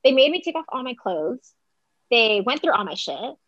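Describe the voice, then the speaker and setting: A young woman telling a personal story in casual conversation, talking fast and filling her speech with "like". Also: a little high, big pitch swings, a bit bright, dry recording. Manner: chatty, heavy use of "like", quick quoted asides. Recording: slightly dull close dry recording.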